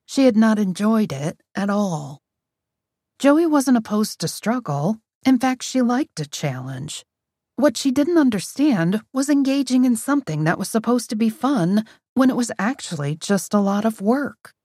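A woman narrating a novel aloud in a wry, expressive reading. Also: on the high side, measured pace, breathy edge, no room sound, clean studio sound. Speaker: audiobook narrator. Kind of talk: scripted narration.

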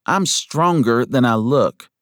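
A man's voice: mid-range voice, lively intonation, takes it slowly, no echo, clean studio sound, voice pushed up. Feisty young schoolteacher, as a man puts her on. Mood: tart. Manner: clipped, scolding. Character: feisty young woman schoolteacher, sharp-tongued.

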